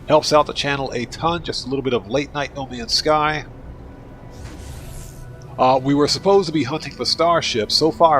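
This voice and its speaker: A man with a medium-pitched, fairly bright voice streams a video game. He chats casually as he plays, addressing his viewers by name, in casual livestream gaming commentary.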